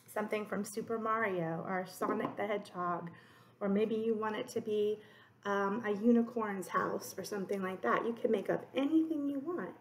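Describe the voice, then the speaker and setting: A woman teacher leading an early-grade phonics lesson, slowly stretching out letter sounds in a gentle, encouraging way for young children. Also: mid-range voice, echoey room, a little hiss or hum. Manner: slow, drawn-out sounding of letters.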